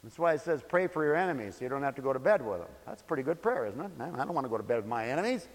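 A man preaching a sermon in a folksy way, moving between soft asides and loud, emphatic points. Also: medium pitch, very animated, racing, big-room sound. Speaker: pastor.

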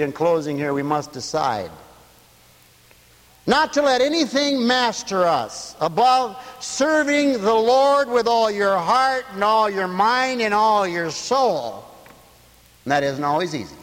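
A man with a high voice preaches slowly and deliberately. His delivery swings between loud and hushed as he tells stories. The sound rings with the long reverb of a large hall. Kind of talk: sermon.

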